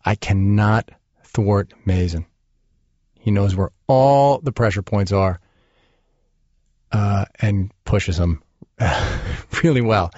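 Earnest low-voiced man hosting a podcast. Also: darkish tone, no echo, muffled recording. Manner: earnest, halting, many fillers. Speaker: podcast host. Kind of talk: casual interview chat.

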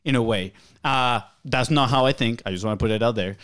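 A man co-hosting a podcast who thinks out loud, hedges his points and asks questions. His voice sits at an ordinary mid pitch. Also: brisk. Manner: thoughtful, hedging, asks questions. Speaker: podcast co-host. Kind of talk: casual podcast conversation.

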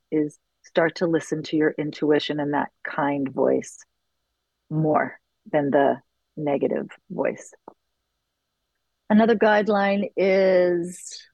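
A middle-aged woman who leads sharing circles, talking earnestly and reflectively in an interview, with lively bursts when she quotes others. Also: low voice, gravelly, dry recording, lo-fi sound. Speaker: circle facilitator. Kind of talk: conversational interview.

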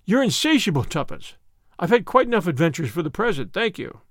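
A blunt young man, bossy and a touch sarcastic, fairly high and lively in pitch, as a male reader plays him. The audiobook is recorded in a close, dry space. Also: a little fast, no room sound. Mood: fond.

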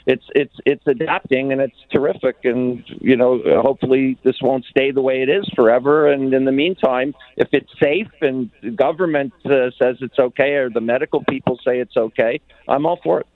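A man with a Canadian accent, a comedian guest on a radio show, talking in halting bursts with frequent restarts. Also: mid-range voice, steady tone, no echo, phone-quality sound. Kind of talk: casual radio chat.

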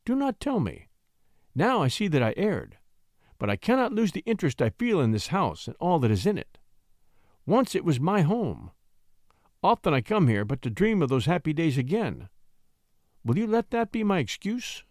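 A man's voice: a little high, wildly swooping pitch, normal speed, pauses often, darkish tone, no echo, clean studio sound. A man voicing a young, beautiful and coquettish French lady who talks with charming flutters. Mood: fluttering.

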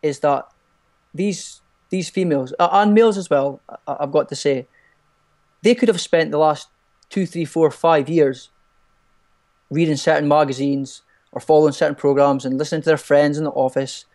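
A man speaking casually on a podcast about training clients. His voice is a little higher than most men's. He stumbles and repeats words as he works out what to say. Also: moderate pace, darkish tone. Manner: hesitant, repeats words while thinking. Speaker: personal trainer.

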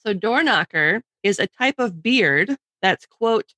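A woman's voice: medium pitch, animated, slow pace, sharp tone, dry recording. A woman hosting a podcast, playfully quizzing her guest in a casual chat. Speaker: podcast host.

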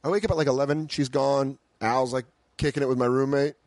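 A man telling a wild story in an excitable, animated way, acting out the voices of the people in it. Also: mid-range voice, fast talker, dry recording, clean studio sound. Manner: excitable, acts out voices while telling stories. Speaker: podcast guest.

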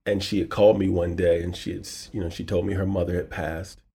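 A man's voice: low-pitched, fast, slightly rough. A middle-aged man, a poet and author, telling a personal story in a podcast interview and acting out the quoted lines. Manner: animated storyteller acting out quotes, softening in sad moments.

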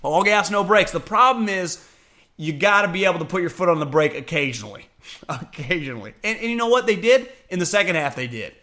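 A former pro defensive lineman from Northern California, in his thirties, talks sports casually in a voice that sits high and moves fairly quickly. He's lively, outspoken, and curses often.

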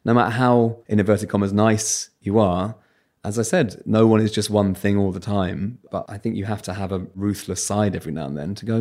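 A man's voice: fairly low pitch, steady tone, brisk, a little mellow. A British man and radio presenter, a guest in a casual interview, talking candidly and telling self-mocking stories.

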